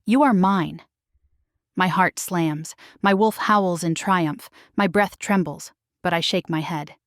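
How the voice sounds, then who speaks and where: Slow, measured female story narrator. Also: on the low side, steady tone, dry recording, studio quality. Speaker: audiobook narrator. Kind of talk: scripted first-person story narration.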